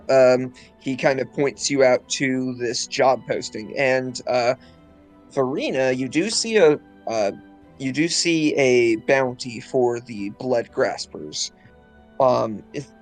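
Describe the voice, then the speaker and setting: A man's voice: medium pitch, animated, takes it slowly, faint music behind. A man narrating a tabletop game as game master, rambling with lots of ums and uhs.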